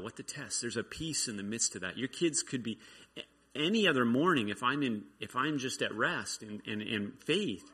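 A man's voice: medium pitch, sharp tone, breathy edge. A man giving an informal testimony at a church meeting, telling an everyday story earnestly and often restarting his sentences. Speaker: church member sharing a testimony.

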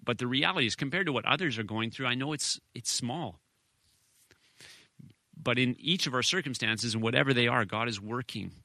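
A man's voice: mid-range voice, brisk, bright, forceful tone, no room sound. A man in his thirties preaching a personal, earnest sermon, often restarting his sentences with short laughs. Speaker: pastor.

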